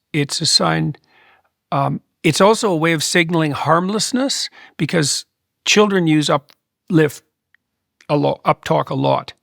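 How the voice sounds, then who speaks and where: A man in his sixties hosting a long-form interview, speaking in a measured, thoughtful way with halting restarts. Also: a little high, vocal fry, a bit bright, no echo, clean studio sound. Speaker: podcast host.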